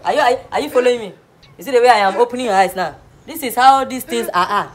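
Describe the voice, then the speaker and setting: A man's voice: very high-pitched, quick pace. A man with a Nigerian accent playing a comic teacher in a skit. He lectures mock-earnestly, chuckles as he talks, and keeps asking whether the class is following.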